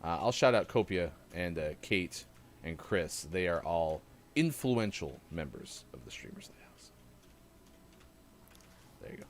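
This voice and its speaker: A man's voice: sits low, very animated, a little slow, long pauses, a little hiss or hum. A man hosting a morning show, chatting casually and reading out birthdays in a jokey, self-mocking way.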